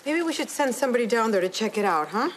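An eager, scheming middle-aged mother in a sitcom, with a high, lively voice. She talks conspiratorially, pitching ideas. Background noise from the set sits behind her. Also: quick pace.

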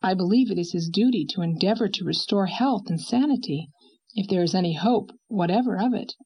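Woman reading stubborn young doctor, measured, slightly husky. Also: mid-range voice, muffled recording. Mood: earnest. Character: earnest young male doctor, calm and stubborn.

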